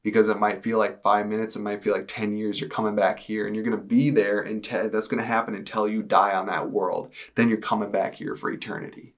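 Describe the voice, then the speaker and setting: Young man sharing a testimony, low gravelly voice, flat delivery, halting and earnest. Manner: earnest, halting retelling with many fillers. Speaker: testimony speaker. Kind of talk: personal testimony, storytelling.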